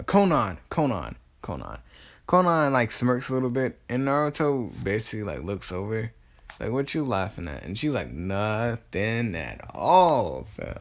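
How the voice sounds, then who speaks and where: A man casually telling a fan-made story, rambling with many fillers, restarts and casual swearing. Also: lowish voice.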